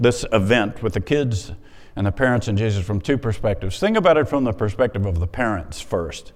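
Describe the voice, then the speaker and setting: A man preaching a sermon in a conversational, animated way, stopping often to explain the Scripture he reads. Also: mid-range voice. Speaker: pastor. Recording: hall reverb.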